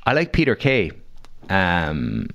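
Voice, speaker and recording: A man's voice: low-pitched, huge pitch swings, slow, fairly bright tone. A man, chatting as a podcast guest in a studio. He tells his stories casually and laughs at them a lot. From Ireland. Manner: laughs often while telling anecdotes. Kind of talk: casual interview chat. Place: recording studio.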